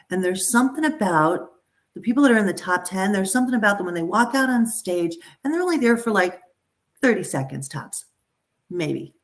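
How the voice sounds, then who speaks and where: A middle-aged woman, a talent agent, talking casually and animatedly to a group. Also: fairly low pitch. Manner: animated, chatty, frequent restarts and asides. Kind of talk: casual live talk to a group.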